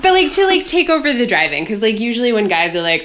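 A woman's voice: on the high side, sing-song, fairly quick, hardly any pauses, fairly bright tone. A woman co-hosting a casual book discussion, frank and wry, swearing casually as she retells the plot. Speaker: podcast co-host.

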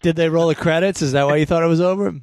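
A man's voice: a little high, steady tone, racing, a little mellow, no echo. A man co-hosting a podcast, joking and mocking in casual chat, acting out other people as he tells stories. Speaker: podcast co-host.

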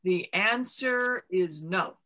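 Woman doing a solemn talking mountain, real slow flat pronouncements, bright voice. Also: medium pitch. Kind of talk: storybook read-aloud.

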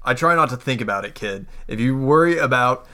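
A man's voice: mid-range voice, lively intonation, a little fast, pushed and bright. A man voicing a blunt, cynical male soldier who leads escorts, teasing and plain-spoken in a tabletop game.

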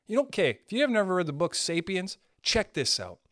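Man, podcast host, rambling profane rant, higher pitch, dry sound. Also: big pitch swings, fairly quick, fairly bright tone, no room sound. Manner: profane, rambling, playful impressions of others. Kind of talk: casual comedic rant.

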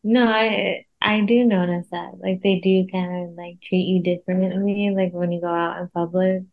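A pregnant young woman chatting casually as a podcast guest, telling lively stories and laughing often. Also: fairly low pitch, normal speed, vocal fry, narrow, tinny audio. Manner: laughs often, animated storytelling with acted quotes. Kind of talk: casual chat.

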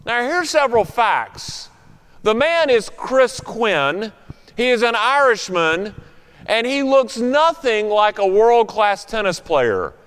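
A man's voice: extremely high pitch, very animated, slow, a bit bright, clean tone, big-room sound. A male pastor leading prayer and preaching a sermon, telling a story with varied pace and strong emphasis.

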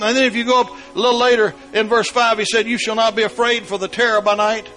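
A man preaching a sermon, moving between soft storytelling and shouted emphasis. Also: very high voice, little pitch movement, fast talker, hardly any pauses.

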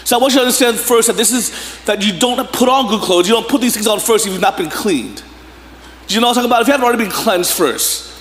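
With a high, slightly bright voice, a pastor in his thirties preaches fast and expressively in a church sanctuary, spinning casual, humorous stories and often laughing. The recording has an echoey hall sound and faint room noise.

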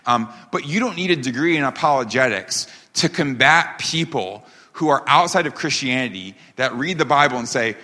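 A man preaching a sermon as pastor, emphatic, asking rhetorical questions and slowing down on key phrases. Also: medium pitch, sing-song, pushed and bright. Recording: long hall reverb.

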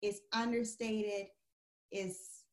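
A woman co-hosting a podcast, chatting casually and animatedly with quick restarts. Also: mid-range voice, flat delivery, roomy sound. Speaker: podcast co-host. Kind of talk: casual chat.

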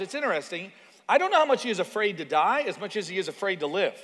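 A man's voice: high-pitched, big pitch swings, fast, a bit bright. A man preaching a sermon as pastor, in a conversational way with asides and stories from his own life. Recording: long reverb of a large hall.

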